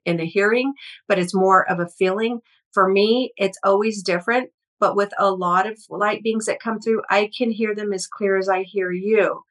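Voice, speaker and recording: A woman's voice: medium pitch, a bit bright, low-quality recording. Earnest storytelling woman healer. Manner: earnest, storytelling, repeats words when starting sentences. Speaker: energy healer guest. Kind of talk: conversational interview.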